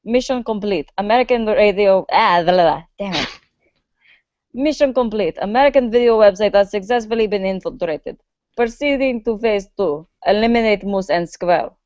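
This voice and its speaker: A woman's voice: medium pitch, moderate pace, darkish tone, no room sound, highs cut off, natural voice. A woman voicing a cold female spy agent in a fake Russian accent. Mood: deadpan.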